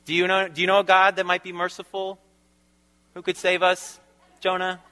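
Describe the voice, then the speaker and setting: A frantic male ship captain, as a preacher acts him out, urges and pleads in a bright, forceful voice. The voice sits fairly high for a man. It rings with the long echo of a big hall. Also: monotone, normal speed. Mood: pleading. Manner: urgent, pleading. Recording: long reverb of a large hall.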